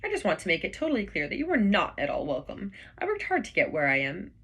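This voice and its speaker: Storybook read-aloud: a booming, self-important alien captain, played by a woman, hostile and husky. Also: wildly swooping pitch, fast, exaggerated voice. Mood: haughty. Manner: loud announcing, self-important. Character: pompous hostile male alien ship captain.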